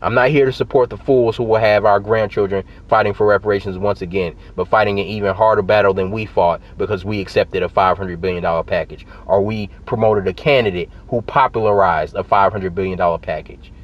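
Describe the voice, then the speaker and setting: A man's voice: lowish voice, steady tone, brisk, hardly any pauses. Heated, emphatic man on a lo-fi recording. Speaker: political vlogger. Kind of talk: angry direct-to-camera commentary.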